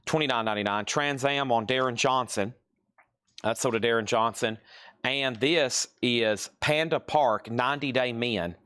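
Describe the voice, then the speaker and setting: Man, live sale host, brisk price patter, dry close sound. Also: medium pitch, fairly bright tone, smooth, no room sound. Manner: brisk, repeats prices and buyers' names. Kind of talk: live-stream sales patter.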